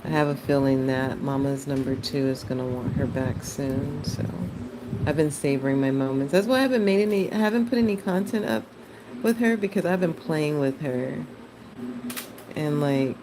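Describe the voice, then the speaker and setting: Laid-back low-voiced woman chatting to chat. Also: moderate pace, background noise. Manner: chatty, laughs often, talks to chat. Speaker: art livestreamer. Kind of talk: casual livestream chat while drawing.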